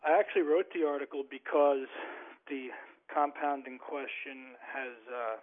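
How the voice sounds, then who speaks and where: A man being interviewed as a radio guest, halting and searching for words with many fillers. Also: mid-range voice, fairly even intonation, no room sound. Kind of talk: interview on a call-in radio show. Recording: tinny phone line.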